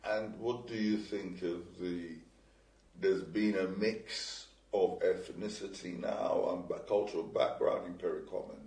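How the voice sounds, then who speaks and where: Deep-voiced man, far off in an echoey room. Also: fairly even intonation, a little mellow. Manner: halting, searching for words. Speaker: interviewer. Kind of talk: interview questions. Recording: roomy and distant from the mic.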